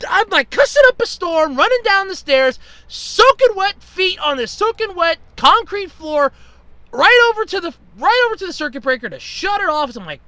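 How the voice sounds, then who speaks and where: A podcast host tells a long, exasperated story in a rambling way and swears freely. His voice sits high and swings widely in pitch. It sounds bright and dry, close to the mic. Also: big pitch swings, moderate pace, dry recording. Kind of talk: casual storytelling monologue.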